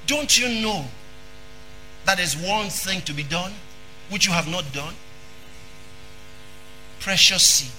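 A man preaching a sermon. He is emphatic, repeats phrases, and breaks into shouting. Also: high voice, lively intonation, unhurried, long pauses, a little hiss or hum.

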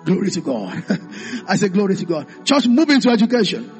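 A man preaching a sermon, calling out to the congregation and rising into impassioned shouts. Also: high-pitched, sing-song, fairly quick, faint music behind.

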